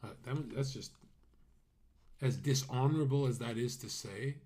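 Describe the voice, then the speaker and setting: A man streaming, rambling through a casual story with animated storytelling. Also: mid-range voice, normal speed. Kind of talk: casual chat.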